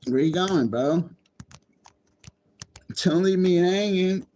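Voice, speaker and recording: A man's voice: high-pitched, slow pace, dark tone. A man chatting casually on a livestream, rambling and swearing freely. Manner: profane, rambling, easily frustrated. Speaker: live streamer.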